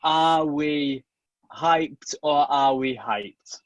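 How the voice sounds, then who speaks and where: A man's voice: fairly high pitch, drawn-out words, no room sound, muffled recording. A man with a Mancunian accent co-hosting a football podcast, laughing often and keen in the banter. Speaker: podcast co-host. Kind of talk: casual football chat.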